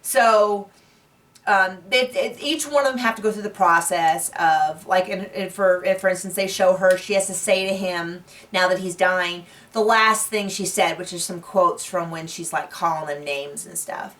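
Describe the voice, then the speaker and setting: A woman's voice: fairly low pitch, fairly even intonation, normal speed, a bit bright, distant mic. A woman recapping a reality TV episode in casual, chatty talk, laughing often and full of fillers and restarts. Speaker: recap show host.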